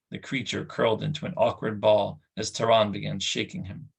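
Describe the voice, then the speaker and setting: A man reading a fantasy novel aloud in an even, steady way. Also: on the low side, brisk, gravelly, hardly any pauses, husky. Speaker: audiobook reader.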